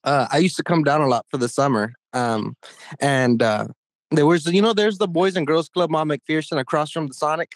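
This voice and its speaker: A young man with a slightly high voice rambles through a crude, profane story, his emphasis jumping around as he goes. He is close to the mic in a dry, dead-sounding room with no echo at all. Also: moderate pace. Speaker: podcast co-host. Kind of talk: casual crude podcast banter.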